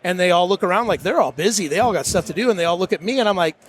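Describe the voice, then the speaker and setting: A man's voice: sits high, animated, very fast, breathy edge. Man telling a rambling nervous story. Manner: nervous self-deprecating anecdotes with many restarts. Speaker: podcast guest. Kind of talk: casual storytelling.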